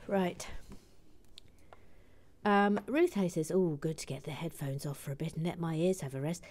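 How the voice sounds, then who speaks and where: A woman hosting a livestream and chatting casually as she builds and reads viewer messages aloud. She often drops into soft, whispered asides and is chatty, self-deprecating and full of restarts. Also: low voice, moderate pace. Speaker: livestream host.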